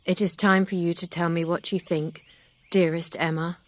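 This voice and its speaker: A woman voicing a grave, kind gentleman suitor in an audiobook reading, speaking in a steady, sincere way. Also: lowish voice, moderate pace, no room sound, close to an everyday voice. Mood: tender.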